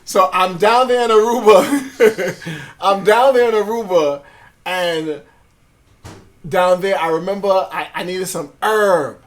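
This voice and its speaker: Animated man telling his story. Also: high-pitched, slow. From Brooklyn, New York. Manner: animated storyteller, acts out voices of family and police; swears freely, street slang. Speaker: guest. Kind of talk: casual storytelling interview.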